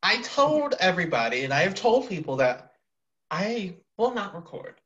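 A man's voice: sits high, big pitch swings, normal speed, sharp tone. A teenage male podcast host talking casually, defensive and exasperated, rambling as he explains himself. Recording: dull lo-fi recording.

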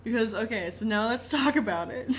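A woman co-hosting a podcast, animated and laughing as she recaps a movie in casual chat, swearing freely along the way. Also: a little high, brisk. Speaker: podcast co-host.

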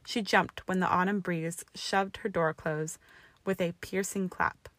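A woman's voice: on the low side, fairly even intonation, unhurried, fairly bright tone, dry recording. Woman narrating a story, dry close voice. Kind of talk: fan fiction reading.

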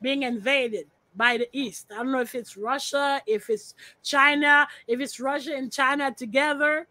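A woman's voice: sits high, steady tone, moderate pace, sharp tone. A woman guesting on a podcast over a remote call, talking bluntly with profanity and repeating her points. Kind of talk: casual podcast chat.

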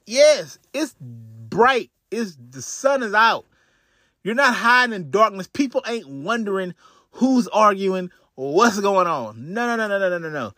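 High, lively man telling a crime story. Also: a little slow, dry recording, clean studio sound. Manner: profane, animated, many restarts and asides. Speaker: podcast host. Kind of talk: casual true-crime storytelling.

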